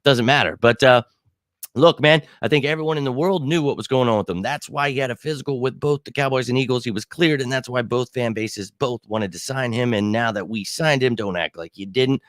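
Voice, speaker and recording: Excitable man in his thirties hosting a sports stream. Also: medium pitch, fairly quick, dry recording, clean studio sound. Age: 30s. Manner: excitable, swears freely, many fillers. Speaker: sports show host. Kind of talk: casual live-stream chat.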